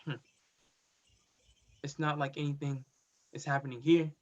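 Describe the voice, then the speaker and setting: A man's voice: on the high side, flat delivery, unhurried, natural voice. A man reading the part of a blunt, stubborn young police officer in a play reading over a video call. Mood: arguing. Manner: blunt, argumentative. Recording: dull lo-fi video call audio.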